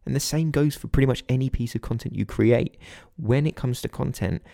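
A man hosting a solo podcast, speaking in an earnest, instructive way with a steady delivery. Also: mid-range voice, a little fast, gravelly, no room sound, clean studio sound. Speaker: podcast host.

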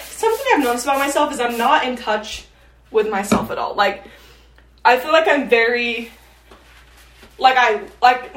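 A late-teen podcast host chats casually and meanders from topic to topic, filling her speech with lots of fillers. Her voice is on the high side and fairly bright. The room is echoey and the mic sits at a distance.

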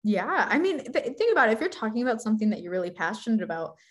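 A young woman, a guest who competes in gymnastics, chatting in a bubbly, animated way and laughing often. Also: on the high side, racing. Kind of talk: casual chat.

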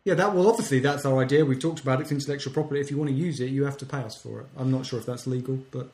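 An English man co-hosting a podcast, chatting casually with dry, deadpan humour. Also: medium pitch, rapid-fire. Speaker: podcast co-host. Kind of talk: casual chat. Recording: echoey room.

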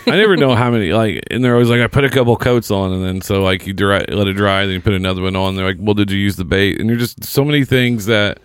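A man's voice: lowish voice, quick pace, hardly any pauses, smooth, no room sound, clean studio sound. A man co-hosting a casual chat, reading a list aloud with joking, swearing asides. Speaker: co-host.

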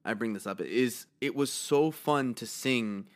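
A man co-hosting a podcast in casual chat, slightly hoarse, telling stories with lots of swearing and laughter. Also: mid-range voice, a little slow. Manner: animated storytelling, swears freely, laughs a lot. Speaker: podcast co-host.

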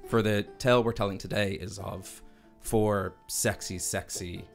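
A man's voice: on the low side, fairly even intonation, measured pace, gravelly, faint music behind. A man narrating a tabletop fantasy game as game master, telling the scene like a storyteller and laughing often.

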